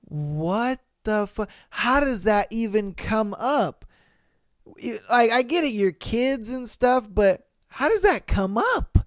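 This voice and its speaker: A young man with a high, smooth voice reads stories aloud on his podcast and reacts with loud, animated, swearing exclamations. He is recorded dry and close to the mic. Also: slow, dry recording. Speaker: podcast host.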